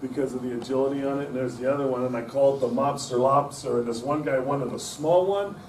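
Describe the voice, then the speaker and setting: A man's voice: medium pitch, quick pace, darkish tone, slight background noise. A middle-aged man speaking as a guest at a club meeting, telling rambling, folksy anecdotes with self-deprecating humor. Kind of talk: anecdotal storytelling talk. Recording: echoey room from a distance.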